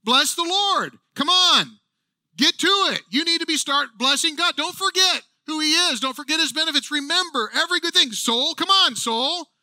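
A man's voice: very high-pitched, lively intonation, moderate pace, bright, forceful tone, no room sound, clean studio sound, voice pushed up, full character voice. A man voicing a fervent male psalmist who urgently exhorts his own soul in raised, pushing tones.

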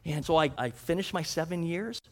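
A man's voice: a little high, a little fast. A man telling a Bible story dramatically in the first person as its hero, conversational, with humorous asides. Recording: reverberant hall.

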